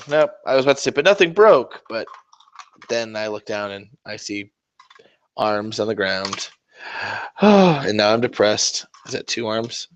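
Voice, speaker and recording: A man's voice: lowish voice, measured pace, fairly bright tone. A man hosting a casual miniature-painting livestream, rambling and swearing in a self-mocking way as he talks to viewers. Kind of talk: casual live-stream chat while painting.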